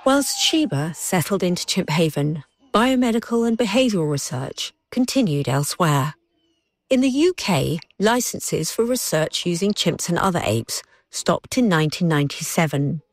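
A woman narrating a documentary in a measured, scripted way. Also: lowish voice, lively intonation, no room sound.

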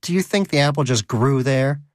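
A man's voice: mid-range voice, normal speed, no echo, studio quality, close to an everyday voice. A man voicing a pious, prim male pet rodent in a cage, earnest and indignant.

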